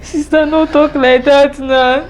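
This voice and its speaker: An actress playing a guilty younger sister, pleading, with a Nigerian accent. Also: female voice, high-pitched, steady tone, slow pace, slight background noise, poor audio.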